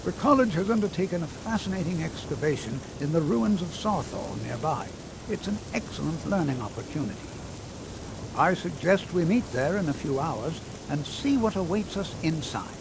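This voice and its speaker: A gentle old wizard instructor from a fantasy video game, lecturing his class with a lively, rising and falling voice and a gravelly crackle. Slightly high for an old man. Steady background noise runs under the game audio. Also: normal speed. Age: older. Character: patient, kindly old male wizard teacher. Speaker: magic instructor.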